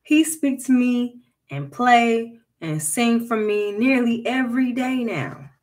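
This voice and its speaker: A woman's voice: a little high, takes it slowly, a little mellow, voice pushed up. A woman reading a folktale aloud and voicing an earnest, eager enslaved man who talks too much.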